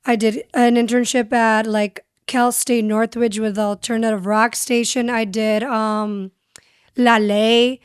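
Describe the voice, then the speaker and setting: Bilingual woman telling her story, smooth voice. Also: on the high side, flat delivery, a little slow, no echo, studio quality. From San Diego. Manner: candid storytelling, switches between English and Spanish. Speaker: podcast guest, radio host. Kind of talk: casual interview chat.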